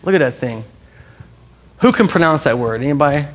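Higher-voiced pastor, casual and playful. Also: male voice, lively intonation, brisk, big-room sound. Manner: casual, conversational, with frequent restarts; playful, coaxing the congregation to repeat a word. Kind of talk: sermon.

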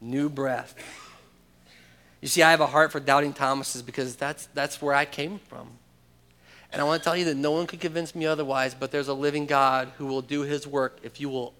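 With a mid-range voice, a pastor delivers a sermon to his congregation, moving back and forth between loud, emphatic exhortations and hushed, intimate moments. He scatters rhetorical questions throughout.

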